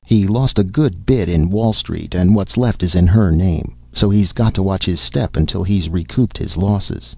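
A man reading the part of a gruff, teasing family doctor with folksy speech, in a deep voice. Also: normal speed, few pauses, mellow, no room sound, muffled recording, exaggerated voice.

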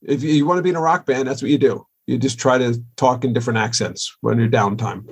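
Here the Long Island rock drummer's voice is medium-pitched and slightly rough, and he talks fast. As a podcast guest in a loose interview, he swaps stories, cracks jokes, and laughs readily.

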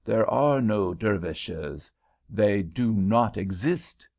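A man doing a measured, confidential Frenchman. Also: lowish voice, lively intonation, gravelly, a little mellow, slightly rough, full character voice. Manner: separates syllables, measured. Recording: dull lo-fi recording.

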